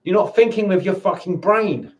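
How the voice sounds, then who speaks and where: A man's voice: high-pitched, normal speed, close to an everyday voice. A man voicing a scornful villain program.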